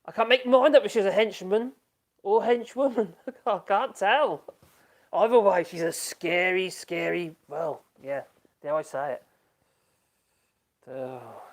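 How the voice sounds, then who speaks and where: A man's voice: high voice, animated, a little slow, long pauses. A man hosting a casual live stream from his home workshop, chatting loosely and laughing often as he reads out and reacts to viewer comments.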